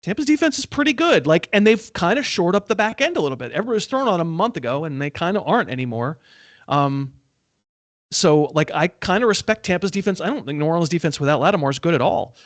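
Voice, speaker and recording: Animated man hosting a sports betting chat. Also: on the high side, quick pace, dry recording. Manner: animated, chuckling, self-deprecating. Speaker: sports betting podcast host.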